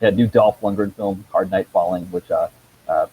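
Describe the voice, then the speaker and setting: A man's voice: deep voice, normal speed, dark tone, a little hiss or hum, rough recording. A man on a video call chatting about his movie blog, rambling with many ums and chuckles. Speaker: movie blogger guest. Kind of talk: casual video call chat.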